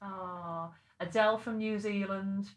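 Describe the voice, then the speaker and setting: A woman chats and rambles on a podcast, dropping swear words without a second thought. Her voice sits at an ordinary middle pitch. The sound is dry, with no room echo. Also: steady tone, takes it slowly. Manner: chatty and rambling, swears freely. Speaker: podcast co-host. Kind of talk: casual chat.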